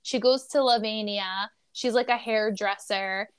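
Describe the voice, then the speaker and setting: A woman from New York co-hosting a podcast in casual chat, who swears freely and gets riled up quickly. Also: mid-range voice, fairly even intonation, clear, resonant tone. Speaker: podcast co-host.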